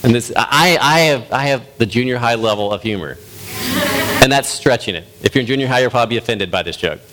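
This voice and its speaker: Male pastor, folksy and self-deprecating, lively pitch, light tape hiss. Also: fast talker. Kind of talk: sermon.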